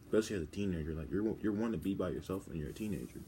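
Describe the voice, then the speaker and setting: A teenage boy with a low, dark voice talks through a personal vlog, halting and rambling, full of restarts. He sounds close to tears. Faint background noise sits under his voice. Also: animated. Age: teens. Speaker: vlogger.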